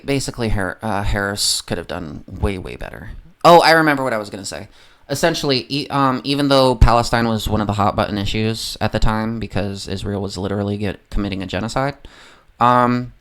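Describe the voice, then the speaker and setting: A man with a fairly low, clear, resonant voice rants about politics on a livestream. He swears nonstop, rambles, and repeatedly loses his train of thought.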